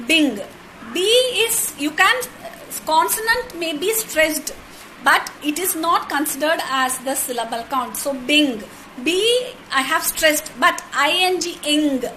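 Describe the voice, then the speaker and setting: High-voiced woman teaching slowly. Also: bright, forceful tone, a little hiss or hum, low-quality recording. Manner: sounds words out syllable by syllable, patient and repetitive; thanks viewers by name with honorifics. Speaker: poetry workshop teacher. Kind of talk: live online workshop lesson.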